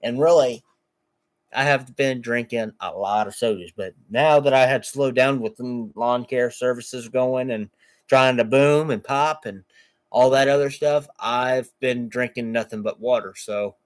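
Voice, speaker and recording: A man who runs a small lawn care business, rambling casually and joking to his vlog viewers, often taking his jokes back. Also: mid-range voice. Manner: jokey, rambling, quick to say he's kidding.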